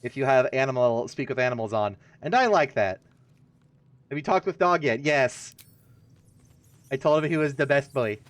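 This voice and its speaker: A man with a mid-range, expressive voice streams a video game at a moderate pace with long pauses. His let's-play commentary is casual, rambling, jokey and self-mocking.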